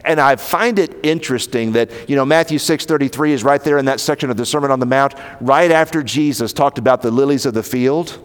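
A man preaching a sermon, his voice at an ordinary middle pitch and carrying a long reverb as if filling a large church hall. He preaches emphatically, rising to loud stressed phrases and then dropping to hushed ones. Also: a little fast, few pauses, smooth. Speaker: pastor.

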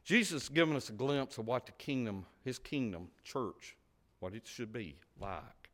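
A man preaching a sermon, swinging between loud emphasis and quiet, near-whispered asides. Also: mid-range voice, moderate pace.

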